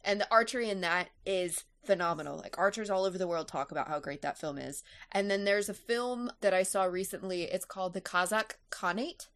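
A woman's voice: medium pitch, fairly quick, hardly any pauses, a bit bright. A woman giving her earnest, opinionated take in a casual movie review chat.

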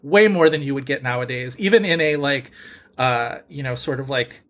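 A man hosting a podcast in casual chat, animated and full of fillers. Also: medium pitch, normal speed. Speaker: podcast host.

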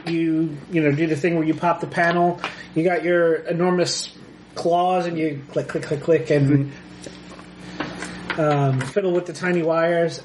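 A man narrating as game master of a tabletop game, hesitant and full of pauses. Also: on the high side, roomy sound, noisy background. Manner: hesitant, lots of ums.

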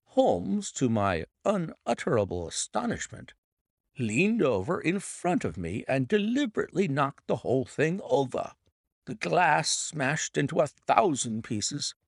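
A man narrating a detective mystery audiobook with dramatic, expressive storytelling. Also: a little high, gravelly, dry recording, clean studio sound. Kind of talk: scripted narration.

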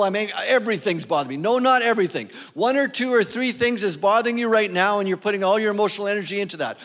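A man with a fairly high voice preaches a sermon as a guest speaker. He talks conversationally, often turning to ask his listeners questions. The sound carries the long reverb of a church hall. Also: a bit bright. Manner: conversational, asks the audience questions.

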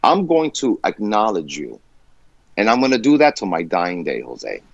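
A man speaking as a podcast guest, fired up and blunt, with plenty of swearing. His pitch leaps up and drops down again as he gets worked up. The sound is dull and lo-fi, with a dry, close feel. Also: wildly swooping pitch, normal speed, no room sound. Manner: passionate, emphatic and profane. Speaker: guest musician. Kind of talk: candid podcast conversation.

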